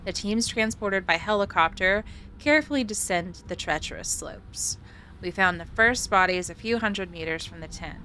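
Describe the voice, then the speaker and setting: A woman reads as an earnest investigator man on a snowy trail. Her voice is bright and steady, with no real attempt at a different voice, and there is a faint hum behind. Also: medium pitch, moderate pace, natural voice. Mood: somber. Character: investigator man reading game dialogue.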